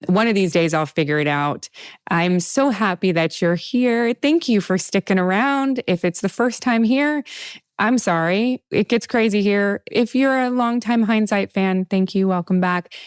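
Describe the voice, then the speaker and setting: A woman hosting a podcast in casual chat, talkative and laughing often with quick asides. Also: medium pitch, clean tone, no echo, studio quality. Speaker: podcast host.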